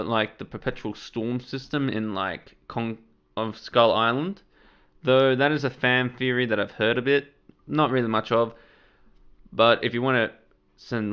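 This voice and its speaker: Casual reaction host: a man of Serbian background, mid-pitched and smooth, rambling and swearing as he reacts to a trailer. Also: fairly bright tone. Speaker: channel host.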